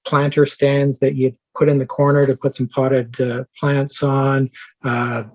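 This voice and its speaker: A man answering interview questions in a casual, halting way, full of fillers and restarts. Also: medium pitch, flat delivery, darkish tone, highs cut off. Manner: hesitant, many fillers and restarts. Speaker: interviewed program member.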